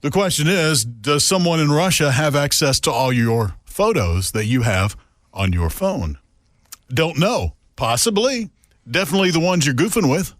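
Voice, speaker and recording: A man's voice: a little high, normal speed, no echo. A man hosting a podcast in casual, joking chat with a friend, recorded in a radio station studio. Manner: chatty, animated, joking. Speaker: podcast host.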